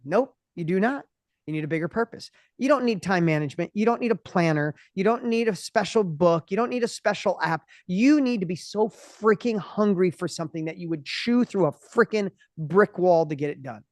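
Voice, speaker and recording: A man in his fifties, a guest entrepreneur in an interview, talking with passion and often restarting his words when excited. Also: high-pitched, dry recording. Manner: passionate, acts out other people's voices in quick bursts. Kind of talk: energetic interview conversation.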